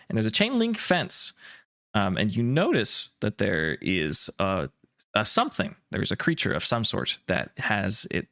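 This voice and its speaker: A man narrating as game master, describing scenes with an animated, descriptive storytelling manner. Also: medium pitch, no room sound, studio quality. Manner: descriptive, lively storytelling with many ums.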